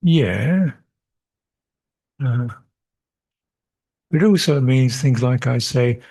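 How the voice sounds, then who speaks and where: Older male monk teacher, husky and unhurried, reflective retreat talk, chuckles, repeats phrases. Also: medium pitch, darkish tone. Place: meditation retreat hall.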